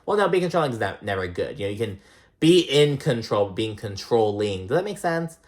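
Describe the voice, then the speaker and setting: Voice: medium pitch, sing-song, fairly quick. Rambling, foul-mouthed recap vlogger. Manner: rambling, swears often, lots of "like" and "um". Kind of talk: casual recap commentary.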